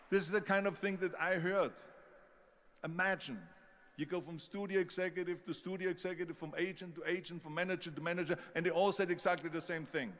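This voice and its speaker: A man's voice: high-pitched, fairly even intonation, brisk, a bit bright, slight background noise. An older man with an Austrian German accent giving a motivational speech and acting out the people who doubted him. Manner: storytelling, acts out quoted doubters. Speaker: motivational speaker. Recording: long hall reverb.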